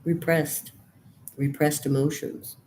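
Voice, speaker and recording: Low-voiced woman on a profane rant. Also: little pitch movement, slow. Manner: raw, profane, venting rant; swings from quiet and low to loud outbursts. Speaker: vlogger. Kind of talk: personal monologue to camera.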